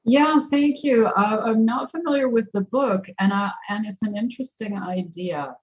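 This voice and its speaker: A woman's voice: fairly high pitch, normal speed, darkish tone, breathy edge, muffled recording. A woman professor answering audience questions at a conference, thinking aloud and often restarting her sentences. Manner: thoughtful, with frequent restarts.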